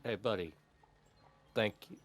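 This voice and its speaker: A man with a fairly low voice, speaking as a player in a tabletop role-playing game. He talks playfully, with a sarcastic edge to his lines. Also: unhurried, a little hiss or hum.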